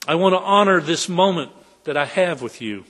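A pastor preaching a heartfelt sermon in a church sanctuary, slow and earnest. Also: male voice, on the high side, expressive, fairly bright tone, in a large hall.

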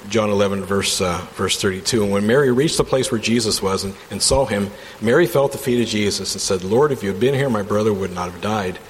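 Man, fairly low voice, enthusiastic casual Bible teaching, long reverb. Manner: enthusiastic, conversational. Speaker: Bible study leader. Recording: long reverb, faint background hum.

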